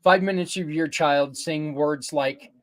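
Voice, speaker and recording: Earnest older man rambling through a pitch. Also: unhurried. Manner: rambling, earnest, with fillers and restarts. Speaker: podcast host. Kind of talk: casual promotional talk.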